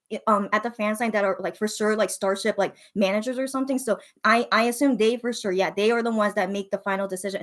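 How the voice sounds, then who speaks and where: A young woman with a high-pitched voice tells a personal story in an easy, chatty way. She stumbles and restarts, scatters "like" and "you know" through her sentences, and gets animated as the story builds. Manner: animated, filler-heavy, frequent 'you know' and 'okay'. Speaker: fan telling a story. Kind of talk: casual storytelling chat.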